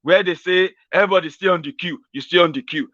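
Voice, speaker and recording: A man's voice: high-pitched, quick pace, a bit bright, dry recording, muffled recording. A man with a Nigerian accent, a political commentator talking in a casual monologue, acting out street exchanges in pidgin.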